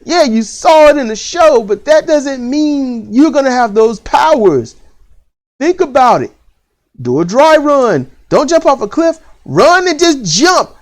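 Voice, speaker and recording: A vlogger ranting bluntly about parenting and school in a casual, repetitive way, with lively rises in pitch. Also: unhurried. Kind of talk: opinion rant to camera.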